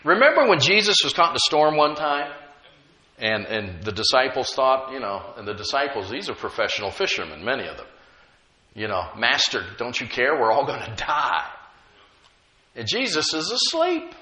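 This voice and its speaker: A man preaching a sermon, emphatic and humorous, slowing down to stress key words. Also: medium pitch, wildly swooping pitch, bright, forceful tone, echoey room, low-quality recording. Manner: emphatic, slows down to stress key words, chuckles at own jokes.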